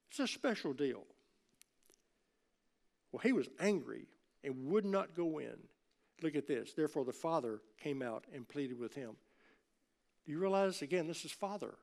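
A man preaching a sermon in a church, talking with the congregation in an easy, conversational way. His voice sits a little higher than most men's. He swings from loud, emphatic peaks down to soft, low asides. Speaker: pastor.

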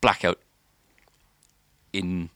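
A podcast co-host with a low, level, fairly bright voice tells a long story extremely slowly. He rambles, leans on filler, and restarts frequently, recorded without echo.

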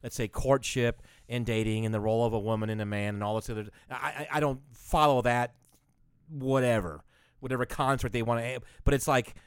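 A man co-hosting a casual podcast, quick-witted and teasing, often cutting in. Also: mid-range voice, fairly even intonation, clean tone, dry recording, studio quality. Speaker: podcast co-host. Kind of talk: casual chat.

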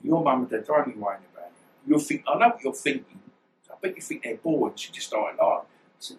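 A man, telling stories in an interview in a rambling, animated way and acting out the dialogue. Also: medium pitch, fast talker, slight background noise, rough recording. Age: 50s. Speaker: guest, former boxer. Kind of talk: storytelling interview.

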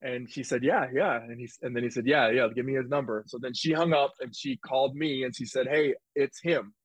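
Man, interview guest, casual storytelling, animated, many restarts, dry sound. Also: medium pitch, quick pace, no room sound, low-quality recording. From United States. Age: 20s. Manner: animated, rambling with restarts and quoted dialogue. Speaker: guest, former football player. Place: home office.

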